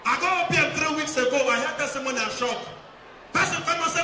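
A man with a Nigerian accent doing stand-up comedy in preacher-style cadences, shouting out to a campus crowd. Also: extremely high pitch, fast talker, slight background noise. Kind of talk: stand-up comedy with pastor impressions. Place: campus event hall with cheering crowd. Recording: roomy hall, distant mic, loud crowd.

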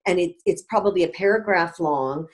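A woman's voice: on the low side, brisk. A middle-aged Canadian woman, a company founder, talking emphatically in a podcast interview and often checking in with "right?". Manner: emphatic, tags statements with "right?".

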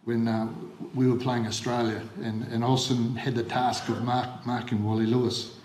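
An older man with a New Zealand accent, a former coach giving a funeral eulogy, halting with repeated words and ums. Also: medium pitch, level tone, a little mellow, slight background noise. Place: funeral service hall. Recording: echoey hall on livestream.

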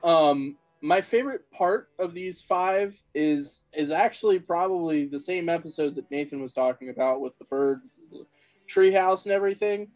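A man's voice: a little high, moderate pace, a little mellow, faint music behind, poor audio. A man talking as a guest on a casual podcast, upbeat and laughing often.

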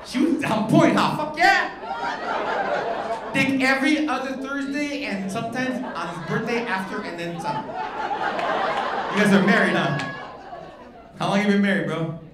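Loud, profane comedian in a club. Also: male voice, high voice, a little slow, long pauses. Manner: loud, profane, teasing the audience. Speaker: stand-up comedian. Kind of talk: crowd work. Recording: echoey live club with crowd noise. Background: audience laughter and bar chatter.

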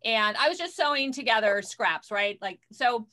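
Woman quilter guesting on a video call; bright, chatty, casual. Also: on the high side, lively intonation, normal speed, a little hiss or hum. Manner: chatty, scattered while fumbling with screen sharing.

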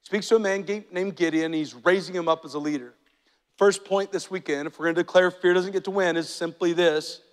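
Pastor guy preaching, high voice, jokes around, church reverb all over. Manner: animated and joking, acts out voices. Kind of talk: sermon.

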